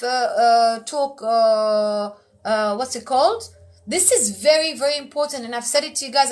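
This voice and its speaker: A woman emcee giving motivational life tips in casual talk, frank and animated, sometimes acting out quoted voices. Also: sits high. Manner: frank, blunt, lightly profane.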